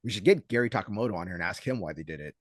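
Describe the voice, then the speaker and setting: A low-pitched man talking quickly in a casual podcast chat. He is a judo coach who tells stories with energy and acts out other people's lines. The sound is close and dry. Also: no echo. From Southern California. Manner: animated storyteller, acts out quotes loudly.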